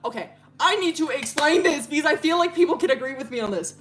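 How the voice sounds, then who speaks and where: A woman's voice: high-pitched, animated, fast, hardly any pauses, soft background music. A young woman from Wyoming telling a dating story in a casual, profane storytime chat, with bursts of shrieking laughter. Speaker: streamer.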